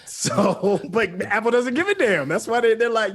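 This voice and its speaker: Male co-host, casual stream banter, jokey, quick to laugh. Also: high-pitched, slightly rough. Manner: joking, animated, laughs often. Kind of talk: casual chat.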